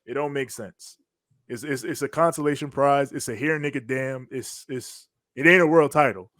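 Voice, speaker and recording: A man's voice: mid-range voice, normal speed, no echo. Slangy man recapping wrestling, dry sound. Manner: animated storytelling with slang, acting out quotes. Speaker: podcast co-host. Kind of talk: casual wrestling recap chat.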